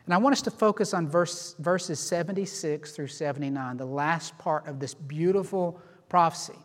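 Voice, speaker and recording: A man preaching a sermon as a pastor, expressive and animated as he acts out people's responses, recorded in a church sanctuary. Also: a little high, moderate pace. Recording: long hall reverb.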